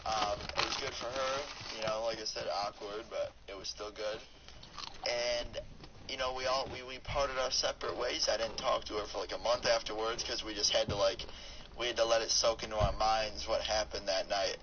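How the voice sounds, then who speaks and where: A young YouTuber tells a rambling personal story over gameplay commentary, full of fillers and restarts. His voice is on the low side and steady at a normal speed, heard through a dull lo-fi mic with clear background noise.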